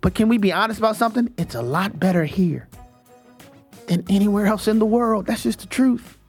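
Brief: commentary host, mid-pitched, animated, digressive, opinionated. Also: a little fast, breathy edge, soft background music. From United States. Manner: animated and digressive, with frequent restarts.

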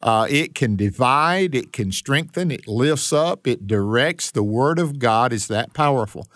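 A man's voice: medium pitch, expressive, unhurried, a bit bright, no echo, clean studio sound. A man hosting a radio Bible study as a pastor, talking with earnest preacherly emphasis.

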